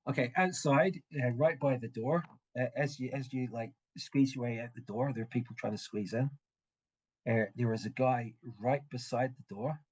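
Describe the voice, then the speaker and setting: Husky male game master, halting. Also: mid-range voice, darkish tone, highs cut off. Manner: halting, full of ums and restarts. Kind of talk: narrating a tabletop game.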